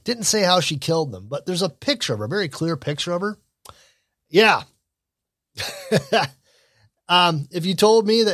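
A man, fairly high for a man, talking through the news and politics in a blunt, opinionated way. He rambles and restarts his sentences. The sound is dry and close, with no room in it. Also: expressive, moderate pace, long pauses, a bit bright, no echo. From Michigan. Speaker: commentary show host. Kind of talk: casual news and political commentary.

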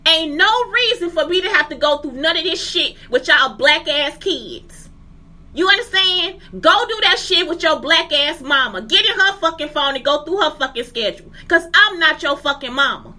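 A woman's voice: high-pitched, lively intonation, moderate pace, bright, forceful tone. A woman in her forties, a teacher, delivering a heated, profane rant to her viewers and repeatedly asking if they understand. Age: 40s. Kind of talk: angry rant to camera.

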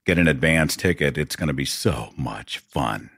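A man with a deep voice rambles through a casual solo podcast, his pitch swinging up and down as he talks. His delivery is chatty and loose, full of asides. The recording is dry and close, with no room sound. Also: animated, moderate pace, a bit bright, no echo. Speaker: podcast host.

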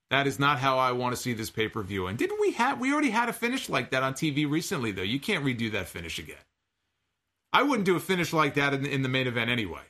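A man with a bright, forward voice talks casually and wryly as a podcast host. He recaps wrestling at an easy conversational pace, now and then reading out listener donations. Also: medium pitch. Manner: wry, chatty, reads out listener donation messages. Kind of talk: casual solo show recap.

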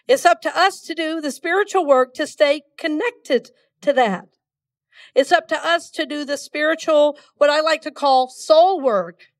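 A Georgia woman preaches a conversational sermon, her voice sitting high and picked up by a distant mic. Still recovering from a cold, she sounds congested as she leads the congregation in call-and-response.

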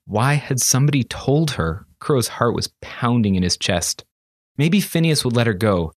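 A male narrator reading a fantasy audiobook with a lively, rising-and-falling delivery. His voice sits at an ordinary pitch and sounds dry and close to the mic. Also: normal speed, no room sound.

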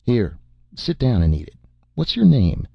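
A man's voice: mid-range voice, sing-song, unhurried, creaky, no echo, lo-fi sound, voice pushed up, full character voice. A man reading the lines of a resourceful captive stranger who speaks in urgent, probing questions. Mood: curious.

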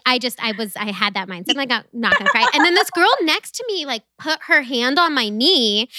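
A woman's voice: fairly high pitch, bright, forceful tone, no room sound. A young woman co-hosting a podcast, bubbly and enthusiastic, laughing often in casual chat. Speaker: podcast co-host.

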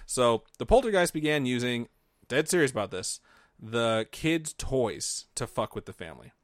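A man's voice: medium pitch, big pitch swings, normal speed, no echo, clean studio sound. A man co-hosting a podcast, telling a spooky story in a casual, joking, profane way. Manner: profane, jokey, mocking asides. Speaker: podcast co-host.

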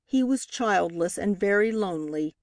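A woman's voice: on the low side, slow, dry recording, studio quality. A woman reading the part of a sentimental, defensive woman witness in a courtroom, speaking sweetly. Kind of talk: audiobook character reading.

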